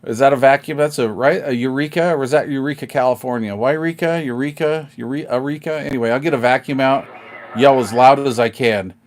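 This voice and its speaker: A man's voice: mid-range voice, steady tone, fairly quick. A middle-aged man chatting on a live stream as he calls out on CB radio from his kitchen table, slangy and full of radio lingo. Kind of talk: casual live-stream chat over CB radio.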